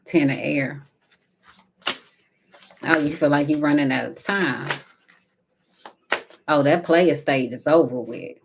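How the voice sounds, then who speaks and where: A woman with a notably low voice gives a casual spiritual tarot reading, speaking intimately to her listeners and calling them baby and honey. She sometimes sinks into a soft whisper. A faint hiss sits under the recording. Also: slow, vocal fry, long pauses. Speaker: tarot card reader.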